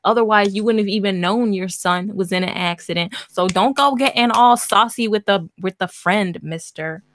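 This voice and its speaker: A woman's voice: medium pitch, normal speed, fairly bright tone, no echo. A woman host reading a story aloud in casual chat, breaking off into sarcastic, laughing commentary.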